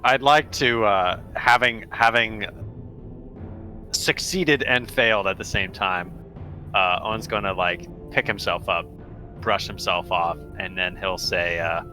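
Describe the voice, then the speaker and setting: A man with a fairly low but bright, clear voice plays a tabletop game. He grumbles, curses and laughs at his character's misfortune, with faint music in the background. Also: steady tone, measured pace, poor audio. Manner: grumbling, profane, laughing complaints. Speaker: player. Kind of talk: casual tabletop play.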